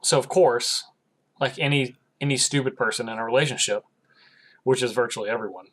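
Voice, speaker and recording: A man's voice: medium pitch, fairly quick, husky. Man retelling a story with acted-out quotes. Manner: animated storytelling, acting out quoted lines. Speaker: podcast co-host. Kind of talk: casual chat.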